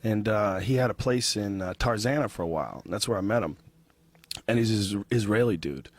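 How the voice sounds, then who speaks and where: A man hosting a podcast, telling a story in relaxed, chatty conversation. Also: fairly low pitch, brisk, dry recording. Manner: relaxed, chatty, puts on mock accents when quoting. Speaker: podcast host. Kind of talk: casual storytelling chat.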